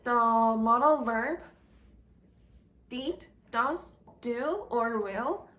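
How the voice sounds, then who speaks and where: Slow, deliberate woman teaching grammar. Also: on the high side, fairly bright tone. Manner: slow, deliberate, halting phrase by phrase. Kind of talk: slow scripted grammar lecture.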